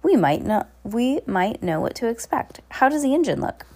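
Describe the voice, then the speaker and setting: A woman voicing a bookish teenage boy, thoughtful and worried, with a gravelly edge. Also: a little high, sing-song, moderate pace, dark tone, pitched above the performer's own voice. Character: bookish worried teen brother.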